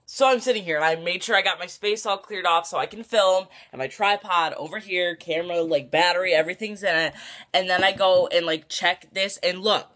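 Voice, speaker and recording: A young vlogger chatting casually on camera in a daily vlog, rambling and filling every pause with "like" and "literally". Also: mid-range voice, background noise. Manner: rambling, filler-heavy, says "like" and "literally" a lot.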